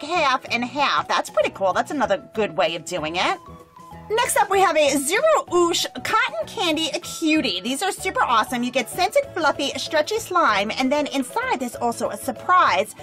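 A young woman hosting a toy unboxing video, gushing with excited, bubbly exclamations. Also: sits high, normal speed, soft background music. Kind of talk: upbeat toy unboxing narration.

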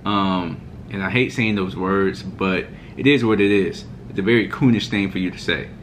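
A man with a fairly low voice rants heatedly through a sports reaction video. His delivery is mocking and fired up. Faint background noise sits under the recording. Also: moderate pace, fairly bright tone.

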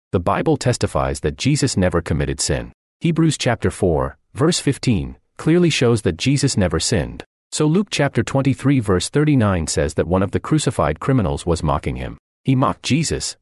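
Deep-voiced man preaching earnestly. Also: sing-song, normal speed, darkish tone, no room sound, studio quality. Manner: earnest, emphatic preaching with repeated phrases. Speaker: voice of a translated sermon. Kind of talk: radio sermon.

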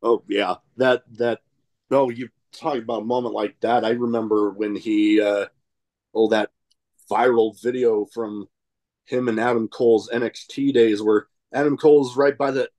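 A man hosting a casual interview, easygoing and quick to laugh along. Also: medium pitch, fairly even intonation, a little mellow, dry recording. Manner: easygoing, reacts with short laughs. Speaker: podcast host.

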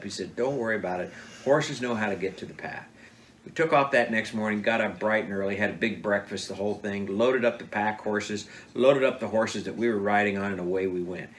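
A man's voice: fairly low pitch, fast talker. Man, storytelling father, mid-range voice, plays out every quote with relish, a faint background hum. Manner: animated, acts out quoted dialogue. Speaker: father telling hunting stories. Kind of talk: casual storytelling interview.

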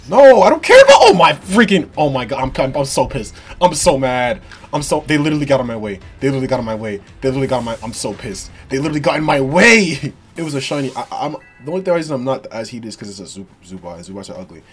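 A man giving excitable, slangy, joking commentary while playing a video game, swinging from low mutters to yells. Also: fast talker, slightly rough, soft background music. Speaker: gaming streamer. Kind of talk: let's play commentary.

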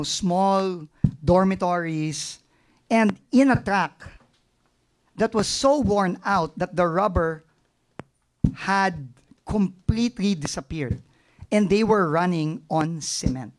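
A middle-aged man with a Filipino accent, a government agency head answering press questions frankly and emotionally, slipping into Tagalog phrases. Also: high voice. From Philippines.

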